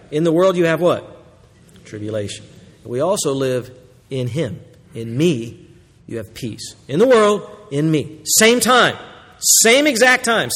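A man with a fairly high voice preaches a sermon in a church, his words ringing out with a long hall reverb. He drops to near-whispers for quiet points, then rises into sudden loud, high exclamations. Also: slightly rough. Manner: dynamic preaching, swinging from hushed to loud exclamations. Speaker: pastor.

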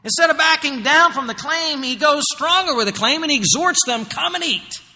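A man preaching a sermon as pastor, emphatic, swinging between loud passages and hushed ones. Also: very high voice, animated, fairly quick. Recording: long hall reverb.

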